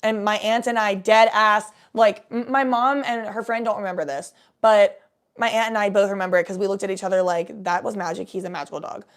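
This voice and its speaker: A woman's voice: mid-range voice, fairly even intonation, a little fast. A young woman telling rambling, profane stories in a laid-back, casual chat with the odd cough. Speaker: vlogger.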